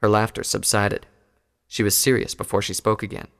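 A man narrating a fan fiction story in a measured, even reading. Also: fairly low pitch, vocal fry. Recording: long hall reverb.

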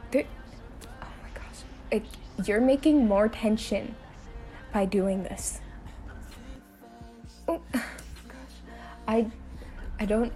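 A woman with a somewhat high voice plays a girlfriend driving her partner home in a first-person role-play. She talks straight to the listener, swears freely, and keeps insisting she is perfectly calm. Faint music plays inside the car.

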